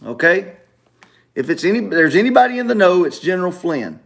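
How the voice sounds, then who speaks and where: A man's voice: high-pitched, very animated, brisk. A middle-aged man, hosting a casual talk livestream from home and repeating his points emphatically. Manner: emphatic, repeats instructions to viewers. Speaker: talk show host.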